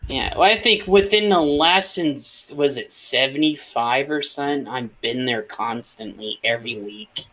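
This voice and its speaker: A man's voice: mid-range voice, measured pace, few pauses, poor audio. A man on a stream telling stories in casual chat, acting out what others said. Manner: animated, acts out quotes, laughs a lot. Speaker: stream guest.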